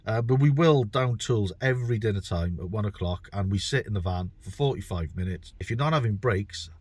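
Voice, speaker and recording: Middle-aged British bricklayer, podcast host; lowish voice, dry close sound, rambling and self-mocking. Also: male voice, animated, a little fast, a little mellow, husky, no echo. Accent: British English. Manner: chatty, rambling, repeats words while thinking; self-deprecating. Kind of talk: casual podcast monologue.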